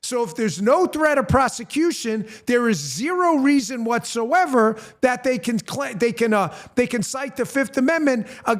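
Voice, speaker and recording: With lively intonation, a moderate pace and few pauses, this middle-aged man hosts a political commentary program. He talks bluntly, gets heated, swears, and his pitch rises when he's angry.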